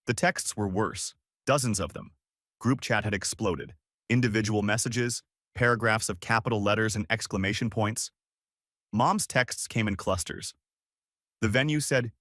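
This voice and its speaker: A young adult man reading a story in a flat, measured, numb tone. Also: on the low side, no echo, studio quality. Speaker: narrator. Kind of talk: scripted story narration.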